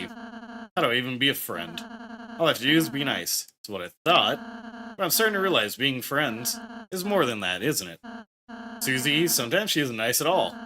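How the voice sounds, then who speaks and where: Man voicing a soft shy young goat prince. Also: mid-range voice, close to an everyday voice, rough recording. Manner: soft-spoken, hesitant, stammering. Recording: faint game music behind.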